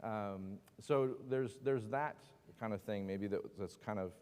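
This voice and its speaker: A man's voice: lowish voice, a little slow, a little mellow, clear, resonant tone. A man teaching a casual Bible class at church, joking and asking the class questions as he talks. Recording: long hall reverb.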